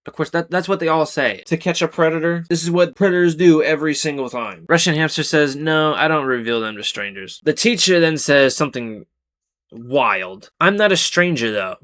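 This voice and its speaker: A man narrates Reddit stories, reading posts aloud and cutting in with sarcastic, exasperated commentary in a casual chat style. His pitch is fairly high, his pace moderate, his tone a bit bright.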